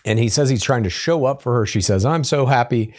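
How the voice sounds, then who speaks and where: A man co-hosting a reality show recap podcast, retelling scenes and acting out quotes in quick, playful voices. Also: mid-range voice. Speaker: podcast co-host. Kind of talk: casual recap chat.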